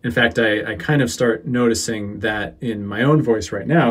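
Husky man explaining at an easy pace. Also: on the low side, fairly bright tone. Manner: easygoing, unhurried explaining with fillers. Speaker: teacher. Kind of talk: instructional voice-over. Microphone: close sensitive studio mic.

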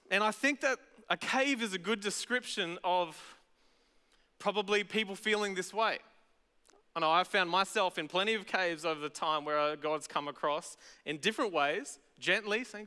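An Australian man preaching a sermon as pastor, conversational and animated, acting out everyday voices. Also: sits high, normal speed, clean tone, long reverb tail. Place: large church auditorium.

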